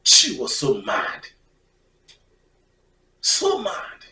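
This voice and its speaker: Animated woman telling a story. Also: extremely low pitch, extremely slow. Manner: expressive, laughs often, acts out scenes. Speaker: storyteller vlogger. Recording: echoey room, mic far off.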